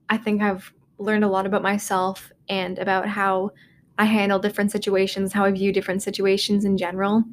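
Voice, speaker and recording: A woman's voice: mid-range voice, little pitch movement, moderate pace, a little hiss or hum. Chatty young woman podcasting from her dorm. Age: 20s. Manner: chatty, rambling, self-deprecating with frequent "like" and "um". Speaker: podcast host. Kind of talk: casual solo podcast chat. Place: dorm room.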